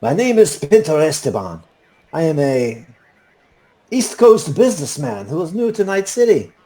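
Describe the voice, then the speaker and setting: A man's voice: fairly high pitch, big pitch swings, moderate pace, dark tone, voice pushed up. A man voicing a polite male East Coast businessman with a put-on Spanish-style accent. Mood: courteous. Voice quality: smooth, formal phrasing.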